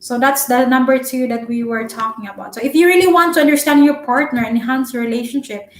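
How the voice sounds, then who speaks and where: A young Filipino-accented woman, a Cebuano speaker, giving relationship advice in a chatty, loud-spoken live-stream vlog full of fillers. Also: high-pitched, fast, hardly any pauses, a little hiss or hum. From Philippines. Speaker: vlogger. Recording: echoey room.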